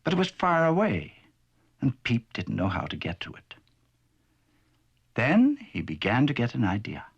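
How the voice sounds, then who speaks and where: Playful male storybook narrator for a vintage cartoon; husky, highly animated. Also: measured pace, pauses often, dull audio.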